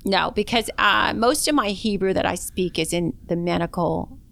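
A woman's voice: mid-range voice, moderate pace, gravelly, a bit bright. A middle-aged woman from Canada, a doctor interviewed in a casual chat, talking frankly and plainly with self-deprecating humor.

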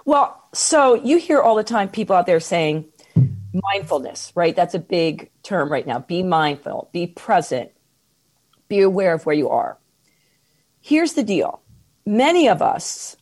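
Expressive woman giving wellness advice. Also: mid-range voice. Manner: expressive, animated, slows down for emphasis. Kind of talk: conversational interview advice.

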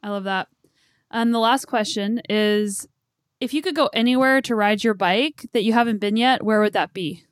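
A woman's voice: medium pitch, moderate pace. A woman interviewing a guest, asking questions and laughing often.

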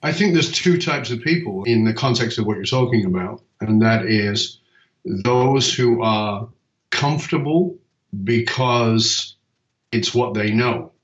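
A man talks as a purpose coach in a podcast chat, driving his points home with emphatic stories and the odd swear word. His voice sits at an ordinary pitch for a man. The sound is roomy with echo and comes across slightly dull and muffled. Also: measured pace. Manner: emphatic storytelling, casual swearing. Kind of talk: conversational podcast talk.

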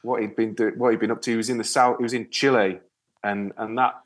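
A man telling a story in a relaxed interview, rambling with many restarts and often trailing off quietly. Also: lowish voice, fast. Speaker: podcast guest, ocean rower. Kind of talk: casual interview chat.

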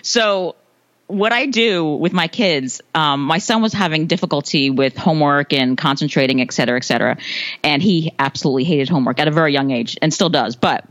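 A woman's voice: low voice, a little fast, no room sound, rough recording. A woman in her thirties talks about her kids as a podcast guest. She laughs easily and often restarts her sentences. Her voice is recorded close and dry, with no room sound. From United States. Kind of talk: casual interview answers.

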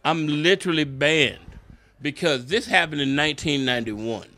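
A man's voice: on the high side, normal speed. A middle-aged man, a stand-up comedian, telling a wild story in casual chat, swearing and laughing as he goes. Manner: animated, profane, laughs through his stories.

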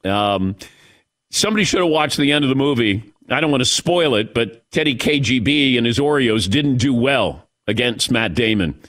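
A man's voice: mid-range voice, expressive, moderate pace, a bit bright. A man hosting a sports talk radio show, firing off opinionated takes and rhetorical questions.

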